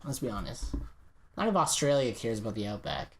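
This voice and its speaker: A man's voice: fairly low pitch, big pitch swings, fairly quick, gravelly, fairly bright tone. A young man co-hosting a podcast, joking around, laughing often and swearing freely. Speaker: podcast co-host. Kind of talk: casual chat.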